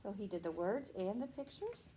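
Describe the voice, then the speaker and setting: A young woman teacher reading a picture book aloud to a child in a gentle, sing-song way, stopping to ask questions. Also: medium pitch, animated, moderate pace, background noise.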